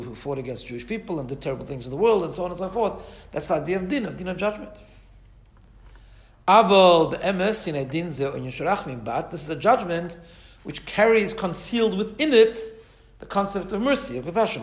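A man teaching a class on a Hebrew text. He translates it phrase by phrase and keeps checking in with his listeners. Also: fairly high pitch. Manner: explains Hebrew text line by line, checks in with "right?". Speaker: Torah teacher. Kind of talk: text-based Torah class. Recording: echoey room.

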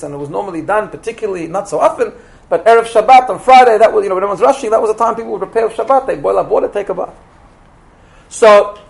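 A man who teaches by telling a story in a lecture, animated, often repeating words and asking "right?". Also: high-pitched, vocal fry.

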